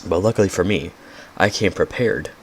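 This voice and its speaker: A man's voice: sits low, normal speed, slight background noise. A young man hosting a casual solo podcast, rambling and losing his track, with lots of "like" fillers and self-mocking jokes. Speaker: podcast host.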